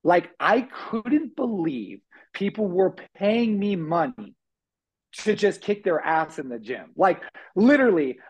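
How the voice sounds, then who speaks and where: Husky-voiced man telling his story. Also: sits high, takes it slowly, low-quality recording. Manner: animated, acts out quotes, many "like" fillers. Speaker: podcast guest. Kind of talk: casual storytelling interview.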